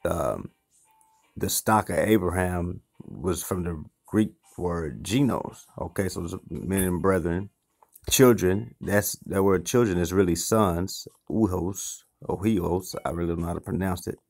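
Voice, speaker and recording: Gravelly low-voiced man teaching scripture. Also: a little mellow. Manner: explains word by word, repeats and restarts phrases; checks in with the listener with "okay" and "you see". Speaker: Bible teacher. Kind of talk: informal Bible study teaching.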